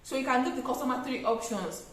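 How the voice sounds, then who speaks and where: Animated Nigerian woman in an echoey room. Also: high voice, quick pace. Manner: animated, acts out customer exchanges, laughs often. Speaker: small business owner giving tips. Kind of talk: casual advice vlog.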